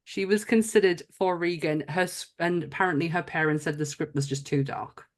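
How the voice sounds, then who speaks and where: With a brisk pace and a steady, lowish voice, a woman from England chats casually as co-host of a film podcast. She swears occasionally and frequently trails off, then starts her sentences over.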